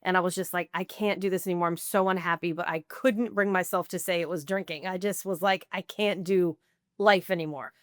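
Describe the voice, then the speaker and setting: Low, smooth-voiced woman telling her story. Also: fairly even intonation, brisk, no echo, studio quality. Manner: conversational, full of "like" and quoted self-talk. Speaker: podcast guest. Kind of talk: candid personal recovery story.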